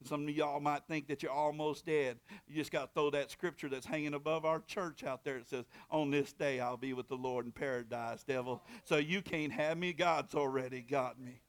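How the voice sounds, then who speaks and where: Male pastor, high pitch, fervent call-and-response preaching. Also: steady tone, normal speed, hardly any pauses. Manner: preaching with rising shouted bursts and call-and-response. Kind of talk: sermon.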